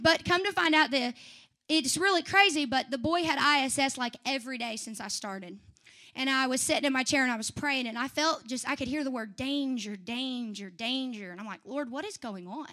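A woman giving a personal testimony to a church congregation, chatty and lively, laughing often and talking back to the crowd. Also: high voice, normal speed.

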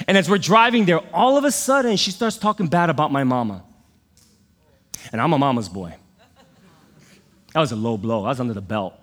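A middle-aged man telling a personal story in a sermon, swinging from loud outbursts to hushed asides. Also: sits high, long reverb tail. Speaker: pastor.

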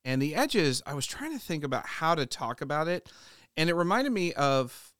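A middle-aged pastor hosting a casual conversation, telling stories in an animated way with many "uh"s. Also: male voice, on the high side, moderate pace, clear, resonant tone, no echo, studio quality. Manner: animated storyteller, warm laughs, fillers like "uh". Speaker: pastor and podcast host.

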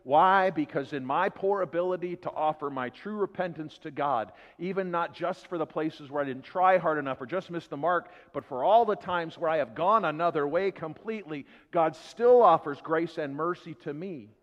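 A man preaches in a church sanctuary with a fairly high voice. He rises into loud emphatic lines and drops to hushed asides. The sound is dull and lo-fi, with a long hall reverb. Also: moderate pace, few pauses. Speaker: pastor. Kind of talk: sermon.

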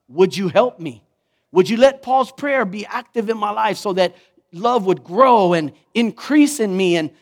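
A man preaching a sermon in an animated way, acting out the voices he quotes. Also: high-pitched. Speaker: pastor.

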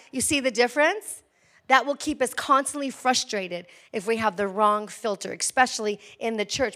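A woman pastor in her forties preaching an energetic, conversational sermon with frequent call-outs to the congregation. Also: fairly high pitch.

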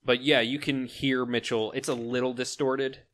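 A man narrating as game master of a tabletop role-playing game, relaxed and halting, with fillers and restarts. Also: medium pitch.

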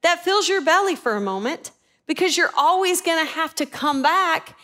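A woman with a high, light voice teaches scripture to a gathered group. She talks with animated energy, often tossing a question out to her listeners and answering it herself. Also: normal speed. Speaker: Bible teacher. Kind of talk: sermon.

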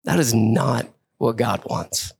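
A man's voice: takes it slowly, gravelly, breathy edge. A man preaching a sermon as a pastor, in a conversational way that keeps checking in with "right?" and acts out the voices of churchgoers. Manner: conversational preaching with frequent "right?" and repeated words; acts out voices of churchgoers in a rising, animated pitch.

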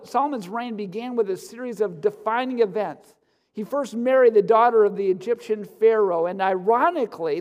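A pastor giving a casual, joking sermon from a church stage, full of fillers and asides. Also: mid-range voice. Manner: conversational, joking, many fillers. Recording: long hall reverb.

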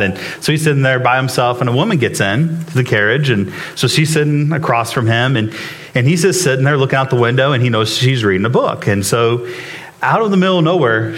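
A man's voice: mid-range voice, a bit bright. A man preaching to a church congregation in a casual, off-the-cuff way, with many fillers and restarts, and he becomes emotional while telling a story. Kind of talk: sermon. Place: church sanctuary with live congregation.

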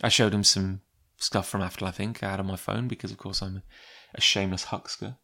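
A man's voice: low-pitched, little pitch movement, fairly quick, gravelly, pushed and bright. A man telling a personal anecdote in a chatty, rambling way with lots of fillers. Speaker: comic creator. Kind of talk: casual personal storytelling.

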